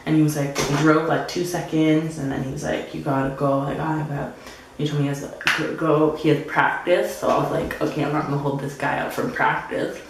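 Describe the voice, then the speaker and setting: A woman's voice: deep voice, flat delivery, a little fast. A young woman vlogger telling a breakup story while doing her makeup, chatty and full of "like". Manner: chatty, fillers "like" everywhere. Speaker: beauty vlogger. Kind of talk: casual get-ready-with-me storytime. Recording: very echoey room with faint noise.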